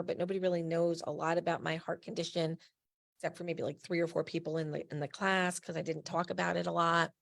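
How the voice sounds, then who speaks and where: A woman's voice: on the low side, vocal fry. A middle-aged woman from New Jersey, a patient advocate and founder, tells a personal story in a candid, emphatic way with blunt asides.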